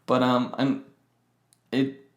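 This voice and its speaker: A man's voice: medium pitch, level tone, takes it slowly, roomy sound. A young man co-hosting a podcast in casual chat, joking and laughing often. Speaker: podcast co-host.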